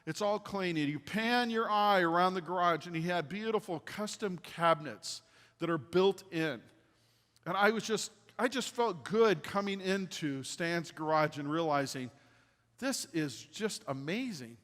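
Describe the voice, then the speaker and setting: Animated male pastor in a reverberant hall. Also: sits high, normal speed. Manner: animated, drops to a hushed voice for quoted lines. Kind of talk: storytelling sermon. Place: church sanctuary.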